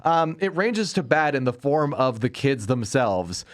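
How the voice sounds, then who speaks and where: Animated, ranting male movie podcast host. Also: medium pitch, a little slow. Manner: ranting, sarcastic, laughs often; lively, animated delivery. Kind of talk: casual movie review chat.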